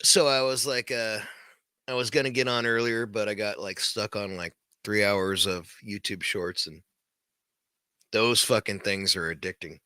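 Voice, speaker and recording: A man's voice: fairly low pitch, fairly even intonation, measured pace, bright, forceful tone, clean tone, no echo, clean studio sound. A man hosting his own podcast, ranting casually in a profane, rambling, heated way. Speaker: podcast host. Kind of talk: casual late-night rant.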